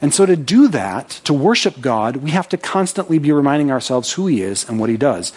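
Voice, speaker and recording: A man's voice: mid-range voice, sing-song, a little fast, darkish tone, breathy edge. A man preaching a sermon as pastor, talking conversationally, reading scripture aloud with his own asides and checking in with "right?".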